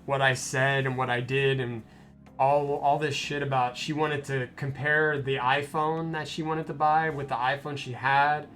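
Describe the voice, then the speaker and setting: A man's voice: medium pitch, a bit bright. A young man streaming a game, telling a rambling story in a casual way, with restarts and swearing. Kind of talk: casual gameplay stream chat. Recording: stream with faint game music.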